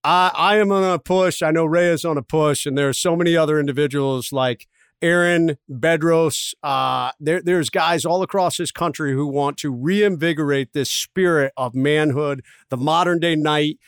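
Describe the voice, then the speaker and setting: A man's voice: a little high, normal speed, clean tone, no echo, studio quality. A man hosting a podcast, speaking in an intense, emphatic motivational style. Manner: intense, emphatic pep-talk delivery. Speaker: podcast host, former Navy SEAL.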